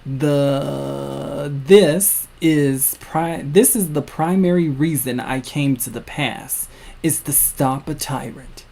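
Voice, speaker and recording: A man voicing a suave, menacing male villain, the hero's future self, speaking slowly and deliberately. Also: a little high, vocal fry, warm tone, exaggerated voice.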